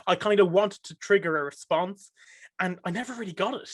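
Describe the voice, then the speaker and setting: A fairly high-voiced Irish man talking on a podcast. He tells his side with lively energy and plenty of restarts. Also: brisk, no echo, studio quality. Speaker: podcast guest. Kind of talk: casual podcast chat.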